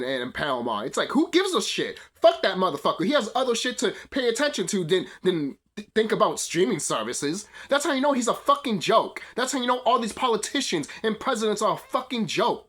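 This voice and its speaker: A man's voice: high voice, big pitch swings, a little fast, fairly bright tone, slightly rough. A young man hosting his channel, delivering a heated, profane, rambling rant. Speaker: video channel host. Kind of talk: ranting commentary.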